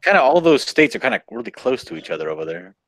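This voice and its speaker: A man's voice: medium pitch, big pitch swings, quick pace, a bit bright, no room sound. A man co-hosting a casual chat, talking in a rambling way with lots of fillers and restarts. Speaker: co-host. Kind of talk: casual chat during a live drawing stream.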